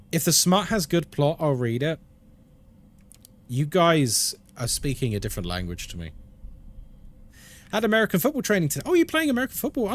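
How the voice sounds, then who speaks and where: A British man streaming a game, chatting casually, reading chat out loud and laughing often. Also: on the high side. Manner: chatty, laughs a lot, reads chat aloud.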